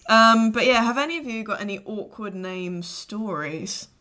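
A woman's voice: medium pitch, moderate pace, sharp tone. A young woman hosting a casual podcast chat, chatty and playful. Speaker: podcast host.

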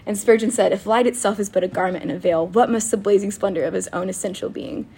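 A woman chatting casually about faith and telling a personal story, animated and quick to laugh, with lots of "like". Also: medium pitch, slightly rough. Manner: animated and giggly, with frequent laughter and filler "like".

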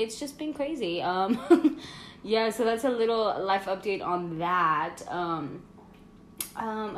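A woman's voice: mid-range voice, echoey room, slight background noise. A woman hosting her own podcast in casual, rambling chat full of fillers, talking while she eats at home. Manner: chatty, rambling, many fillers and laughs. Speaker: podcast host.

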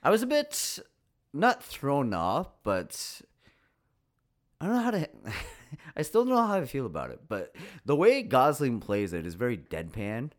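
A man co-hosting a casual film podcast, talking with animated energy and laughing often. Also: mid-range voice, a little slow. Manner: animated, laughs often, does brief mocking voice imitations. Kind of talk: casual chat.

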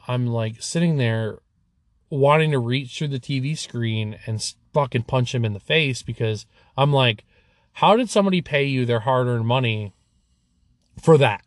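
Male podcast co-host from Michigan, mid-pitched, dry close sound, crude and blunt chatter. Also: no room sound. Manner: crude, swears a lot, blunt and animated. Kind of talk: casual podcast chat.

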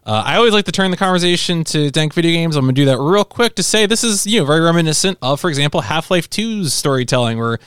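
A man's voice: fairly high pitch, lively intonation, quick pace, hardly any pauses, fairly bright tone, clean tone, no echo. A man co-hosting a podcast in a casual chat, with wry, dry humor. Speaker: podcast co-host.

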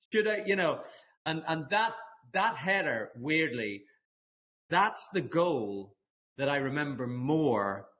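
A man's voice: on the high side, a bit bright. Rambling laughing man. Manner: rambling, laughing, many restarts. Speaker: podcast co-host. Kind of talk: casual chat.

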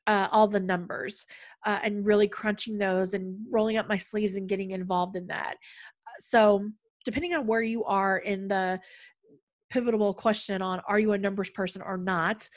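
Chatty woman talking casually about budgeting. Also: mid-range voice. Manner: conversational, many fillers, warm storytelling. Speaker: podcast speaker on money. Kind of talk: casual talk.

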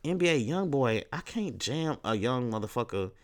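A man's voice: medium pitch, big pitch swings, normal speed. A man hosting a casual solo podcast, talking in a profane, rambling, laid-back way full of street slang. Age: 30s. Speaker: podcast host.

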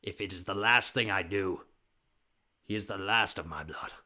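A man's voice: deep voice, moderate pace, pushed and bright. A man playing a pompous, grandiose father. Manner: pompous, solemn proclamation. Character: grandiose theatrical father, middle-aged man.

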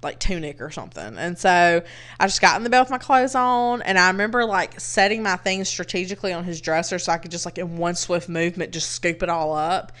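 A woman telling a story in casual chat, animated and acting out quotes. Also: lowish voice, brisk. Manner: animated, acts out quotes, frequent laughs.

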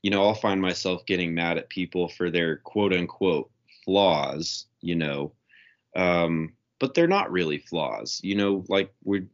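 A man talking as a guest in a casual spiritual conversation, relaxed, with lots of "you know" and "um". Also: low voice, a little slow. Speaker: podcast guest. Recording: dull lo-fi sound.

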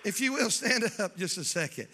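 A man preaching a folksy, joking sermon in church that builds to shouting. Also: high-pitched, very animated, normal speed, husky. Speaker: pastor.

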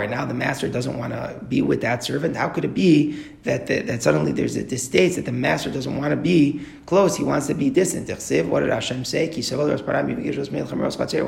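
A man giving a Talmud class to a group, explaining a text line by line and posing rhetorical questions in a quick, earnest delivery. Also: medium pitch, vocal fry. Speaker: Torah teacher. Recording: echoey room.

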